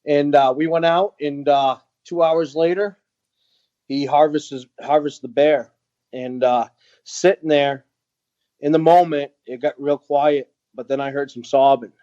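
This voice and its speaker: Halting, earnest male veteran guest. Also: fairly high pitch, fairly even intonation, warm tone, dull audio. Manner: halting, frequent "uh" and restarts, earnest. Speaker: guest, veteran who runs an outdoor organization for veterans. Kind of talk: candid storytelling in interview.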